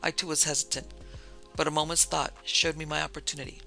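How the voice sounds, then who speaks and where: Gravelly, bright male storyteller. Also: on the high side, level tone, soft background music, rough recording. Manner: measured, composed storytelling. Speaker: narrator. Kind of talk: scripted narration of a story.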